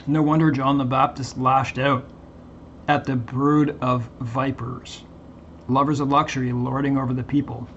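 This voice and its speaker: Man, mid pitch, flat and halting, reads aloud and comments; muffled lo-fi recording with light hiss. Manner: halting, reads haltingly with many fillers and restarts. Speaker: Bible commentary vlogger. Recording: dull lo-fi recording with faint background hiss.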